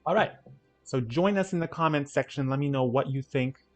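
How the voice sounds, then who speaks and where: A man's voice: medium pitch, brisk, soft background music. A man giving casual let's-play commentary on a city-building game, rambling and correcting himself with playful asides. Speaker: gaming channel host.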